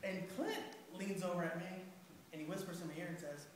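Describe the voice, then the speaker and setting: A speech contest speaker telling a comic story live, animated and laughing along. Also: medium pitch, a little fast, over a noisy crowd. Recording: echoey hall, far from the mic.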